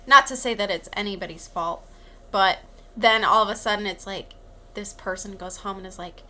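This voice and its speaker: A woman's voice: mid-range voice, normal speed, pushed and bright. A woman co-hosting a podcast, chatting casually about a film and thinking aloud as she talks. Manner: conversational, thinks aloud with many likes. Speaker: podcast co-host.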